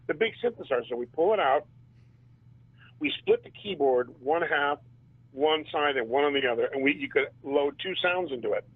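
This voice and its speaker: A man, a band drummer and interview guest, telling stories in a casual and animated way and laughing often. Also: a little high, normal speed, breathy edge, no echo. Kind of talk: casual storytelling. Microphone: phone. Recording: tinny phone line.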